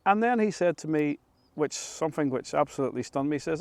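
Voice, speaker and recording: A middle-aged man with a Northern Irish accent telling a story to camera in an unhurried, chatty way, often restarting his phrases. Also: a little high, lively intonation, vocal fry, dry recording. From Northern Ireland. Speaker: vlogger. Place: rooftop of an old control tower, outdoors.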